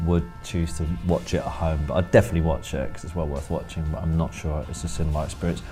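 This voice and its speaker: Mellow english guy hosting a film chat, rambles a lot, soft guitar music under it. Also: very deep voice, level tone, quick pace. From Hertfordshire, England. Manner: rambling, self-correcting. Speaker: film review host.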